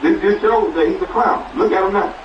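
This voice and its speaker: A man tears into someone in a furious, mocking rant, hammering the same insults again and again. His voice sits a bit high and arrives from a distance, in a roomy space with a dull, muffled tone. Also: a little fast, noisy background. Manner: angry, mocking, repetitive insults. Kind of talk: heated rant.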